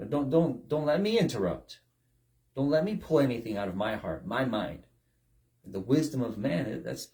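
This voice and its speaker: A man's voice: medium pitch, warm tone. A man preaching a sermon, stressing his points with repeated rhetorical questions. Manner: emphatic, repetitive rhetorical questions.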